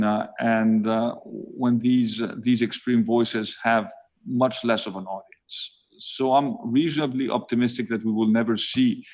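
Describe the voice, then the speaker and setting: A man with a Greek accent speaks in a low voice over a video call. He answers interview questions in measured phrases, pausing often and filling the gaps with soft hesitations. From Greece. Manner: deliberate, many pauses and filler sounds. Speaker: prime minister being interviewed.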